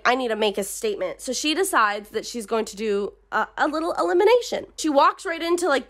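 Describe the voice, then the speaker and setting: A young woman giving a sarcastic, profane comedic recap of a book and reading passages aloud. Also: high voice. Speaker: book reviewer.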